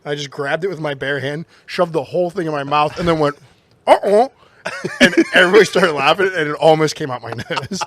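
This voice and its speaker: A man's voice: on the high side, quick pace, few pauses, fairly bright tone, a little hiss or hum. A man co-hosting a podcast in casual, amused banter. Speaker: podcast co-host. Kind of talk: casual chat.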